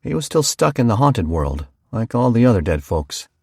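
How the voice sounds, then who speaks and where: A man's voice: mid-range voice, very animated, moderate pace, dark tone, slightly rough, no echo, clean studio sound. A man narrating a first-person horror audiobook in a folksy storytelling manner.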